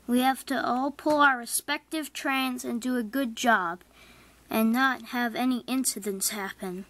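A stout railway boss barks orders and scolds his engines in a homemade toy train story, as a woman puts on his voice. The voice sits fairly high and moves at an unhurried pace. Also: steady tone, a bit bright. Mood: bossy. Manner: commanding, scolding. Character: stout bossy railway controller, man.

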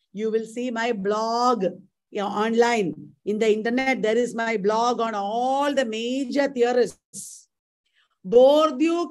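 A woman with an Indian accent teaching a live-streamed exam coaching lecture, quizzing her students and drilling terms aloud, with Hindi words mixed in. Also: a little high. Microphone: live stream mic.

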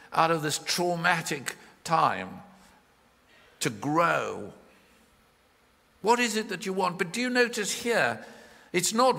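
A man preaching a live sermon in a church, expressive and full of questions to his listeners. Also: high-pitched, vocal fry. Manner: expressive, questioning, voices the Bible figures in his retelling. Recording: hall reverb from a live church.

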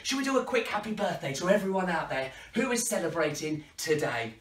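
A woman hosting an interactive children's party show, playful and animated as she coaxes the kids to join in. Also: lowish voice, a little fast, recorded from a distance. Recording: echoey room, voice from off-mic.

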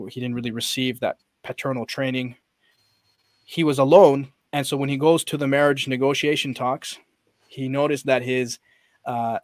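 As a guest coach on a podcast, a man animatedly retells a story, quoting the people involved, with lots of fillers and restarts. His mid-range voice is recorded with no echo.

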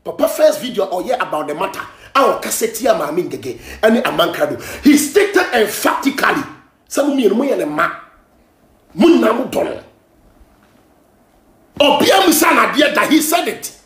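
A Ghanaian man hosting a gossip show, ranting and scolding in heated commentary, often shouting, switching between Twi and English. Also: sits high, sing-song, normal speed, echoey room.

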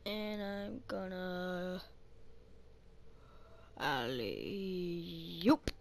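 A woman with a fairly low, vocal-fry voice and lively intonation plays a game for her channel, offering casual let's-play commentary. She mutters slowly and swears a lot, and a faint hiss or hum is audible.

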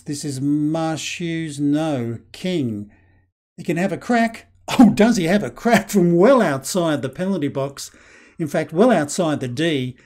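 A Scottish man giving casual, excitable play-by-play commentary over a football management game, with lots of fillers. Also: fairly high pitch. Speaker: game channel host.

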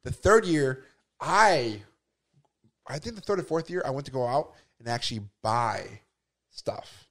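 A man's voice: medium pitch, lively intonation, measured pace, a bit bright. A man co-hosting a podcast, jumping into the chat with defensive, joking interjections. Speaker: podcast co-host. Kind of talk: casual chat.

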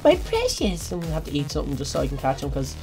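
A young woman giving jokey, excitable let's play commentary, breaking into sudden loud yelps. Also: low voice, rapid-fire, gravelly, faint music behind. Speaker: gaming channel host.

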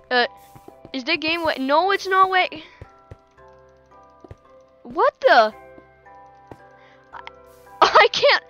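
A woman's voice: sits high, sharp tone. A woman giving casual gameplay commentary, chatting to herself and laughing often as she plays. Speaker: gaming channel host.

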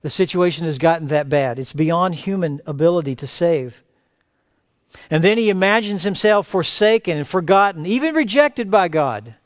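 A man preaching a sermon in a fairly high voice, recorded close and dry. He delivers it with passion, rising to emphatic, louder phrases and then dropping to quiet, low-spoken lines. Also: expressive, moderate pace, no room sound. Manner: impassioned, swinging from raised emphatic cries to hushed low phrases. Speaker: pastor.

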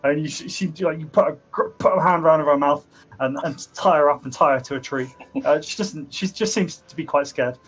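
A man narrating as game master of a tabletop game, halting and full of fillers. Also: on the high side, husky, poor audio.

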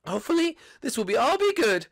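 A man's voice: very high voice, big pitch swings, quick pace, creaky, a bit bright, pitched above the performer's own voice, full character voice. A man doing Bart, a wailing cartoon boy. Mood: panicky. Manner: whiny and frantic, wailing and stammering. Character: panicky mischievous cartoon boy, ten years old. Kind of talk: fan role-play over gameplay.

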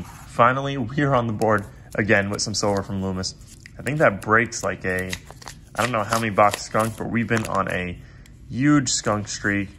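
A man talks through a hobby coin hunt in a relaxed, chatty way and gets excited when something turns up. His voice sits a little low and sounds worn, since he is losing it. A faint hum of the room stays under him. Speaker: coin roll hunting channel host. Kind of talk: casual hobby vlog narration.

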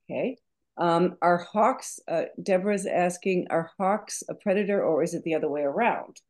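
A woman moderating an online talk, briskly reading out audience questions. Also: lowish voice, a little mellow. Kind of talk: webinar Q&A moderation.

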